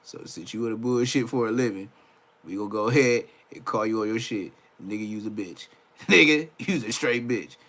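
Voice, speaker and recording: A man's voice: on the low side, moderate pace, a bit bright. A man giving casual reaction commentary on a video, profane and mocking, who laughs often. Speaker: reaction streamer.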